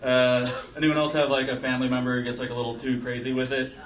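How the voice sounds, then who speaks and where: A man's voice: medium pitch, little pitch movement, fast talker, distant mic, slight background noise. A young man doing a rambling, crude stand-up comedy set in a bar, often laughing at his own jokes. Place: bar stage with a live audience.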